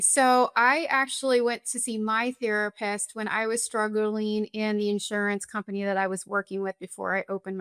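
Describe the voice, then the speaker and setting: A woman's voice: medium pitch, clear, resonant tone, dry recording. A middle-aged woman therapist and social worker in a podcast interview, telling stories expressively and laughing often. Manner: warm, expressive storyteller who laughs often.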